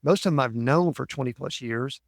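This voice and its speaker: A man hosting a podcast, asking thoughtful, measured interview questions. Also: medium pitch, no room sound, studio quality. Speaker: podcast host.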